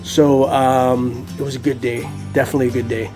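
A man's voice: mid-range voice, flat delivery, brisk, music in the background. A middle-aged man vlogging his metal detecting finds in a chatty, upbeat way, laughing often. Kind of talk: casual vlog talk to camera.

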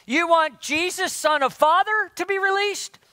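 Very high-voiced, bright male preacher. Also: unhurried, no room sound. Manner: animated, fires rhetorical questions at the congregation. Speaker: pastor. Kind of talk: sermon.

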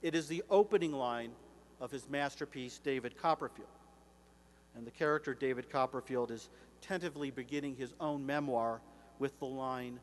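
A man in his sixties giving a formal commencement address as an author and speaker, measured and slowing down for emphasis. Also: medium pitch. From United States. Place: large hall. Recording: echoey hall, faint hum.

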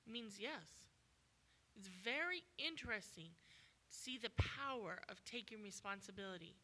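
A woman preaching a sermon as a guest speaker at a church, animated and acting out the voices of people in the story. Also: medium pitch, moderate pace. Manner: animated, acts out voices in quoted dialogue.

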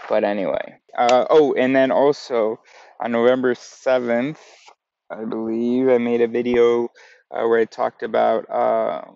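A man's voice: mid-range voice, flat delivery, a little slow, vocal fry, darkish tone, lo-fi sound. A man from the United States talking to camera in a casual, meandering vlog, correcting himself as he goes. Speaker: vlogger. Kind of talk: casual rambling monologue.

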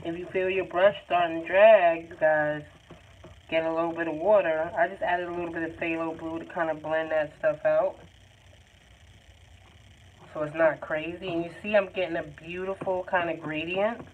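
A woman's voice: on the low side, steady tone, moderate pace. A woman giving a live painting lesson in a chatty, encouraging and informal way. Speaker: art tutor. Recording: tinny phone-like sound, faint noise.

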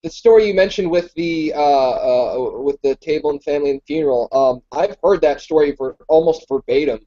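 A man hosting a live Q&A, talking in a halting way and searching for his words mid-sentence. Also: fairly high pitch, warm tone, highs cut off. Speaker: host. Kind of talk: live Q&A chat.

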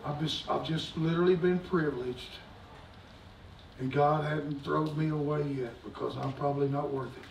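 A middle-aged man preaching a sermon, swinging from shouts to hushed, folksy talk. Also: on the high side, steady tone, normal speed, gravelly, far from the mic, slight background noise. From United States. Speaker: pastor. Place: church sanctuary. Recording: echoey church recorded from afar.

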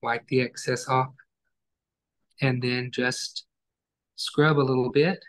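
Slowly and calmly, a man in a mid-range voice gives step-by-step instructions as he paints during an online acrylic class.

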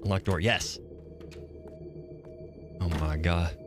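A man's voice: sits low, fairly even intonation, slow pace, over music. A man streaming a horror game, reacting aloud in casual, profane commentary.

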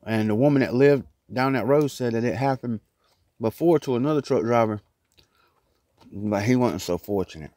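A man's voice: mid-range voice, moderate pace, mellow, no echo, clean studio sound. A man vlogging casually from inside a small closet, rambling in a loose, chatty way while he eats. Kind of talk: casual mukbang chat.

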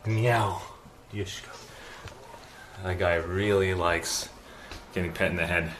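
A man's voice: deep voice, fairly even intonation, slow, a bit bright, a little hiss or hum. A young man chatting casually to his live-stream viewers while moving around a house, reading out new followers and subscribers. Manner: chatty, talks to chat, reads out follows and subs. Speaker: IRL livestreamer. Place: indoors in a house, kitchen and bathroom.

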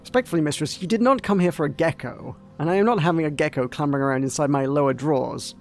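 A man's voice: fairly high pitch, quick pace, faint music behind, natural voice. A man voicing a formal, dutiful male robot servant in a video game, speaking stiffly and addressing his mistress.

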